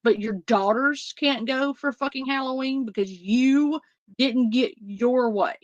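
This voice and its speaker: Woman, exasperated profane rant, unhurried delivery, dry close sound. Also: high voice, no room sound, highs cut off. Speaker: reaction streamer. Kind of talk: live reaction rant.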